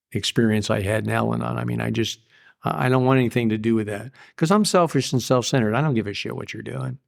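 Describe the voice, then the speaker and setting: Gravelly older man telling it straight. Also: medium pitch. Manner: blunt, profane, plain-spoken storyteller. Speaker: guest. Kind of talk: candid recovery story interview.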